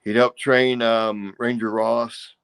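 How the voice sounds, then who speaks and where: A man's voice: medium pitch, flat delivery, slow pace, creaky, fairly bright tone, clear, resonant tone. A middle-aged man, a former wrestler, telling rambling stories in a casual interview and acting out quotes and sound effects. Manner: rambling, acts out quotes and crowd noises.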